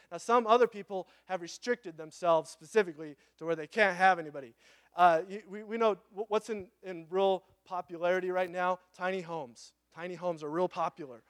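A pastor preaching a conversational sermon, acting out little quoted voices and joking asides. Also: male voice, high-pitched, a little fast, no echo, clean studio sound.

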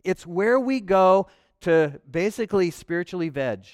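A man preaching a sermon to a congregation, animated and humorous, acting out the voices of churchgoers to make his points. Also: high voice, normal speed, no echo, studio quality. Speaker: pastor.

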